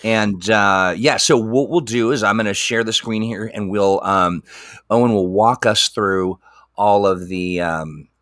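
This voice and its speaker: A man's voice: lowish voice, measured pace, fairly bright tone, dry recording, clean studio sound. A man hosting a casual live stream, chatty and laughing often.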